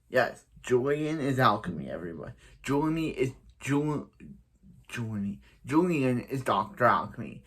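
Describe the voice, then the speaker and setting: Man reviewer, casual recap, rambling delivery, mid pitch, lots of false starts. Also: expressive, a little slow, fairly bright tone. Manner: rambling, frequent restarts and "so yeah". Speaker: TV episode reviewer.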